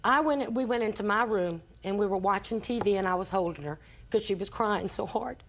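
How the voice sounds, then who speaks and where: A woman's voice: mid-range voice, a little fast, fairly bright tone, slight background noise. An older grandmother testifies in a TV courtroom, rambling through a long family story in an everyday voice. She slips into the quoted words of each person she mentions as she goes. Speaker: litigant, grandmother.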